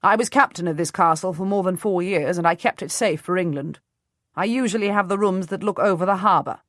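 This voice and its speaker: A woman's voice: lowish voice, a little fast, fairly bright tone, dry recording, clean studio sound, close to an everyday voice. A woman reading an audiobook, voicing a proud nobleman husband who makes haughty, matter-of-fact demands.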